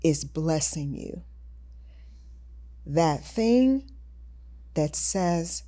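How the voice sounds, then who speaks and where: A woman co-hosting a podcast, chatting in a playful, expressive way. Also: mid-range voice. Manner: playful, expressive, drawn-out delivery. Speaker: podcast co-host. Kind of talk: casual chat.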